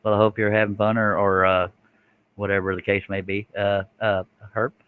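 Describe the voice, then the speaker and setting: Man, folksy, chatty, lowish voice, casual livestream host. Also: flat delivery, normal speed, clean tone, narrow, tinny audio. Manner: folksy, chatty, reads out viewer comments. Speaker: scroll saw livestream host. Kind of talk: casual livestream chat while working.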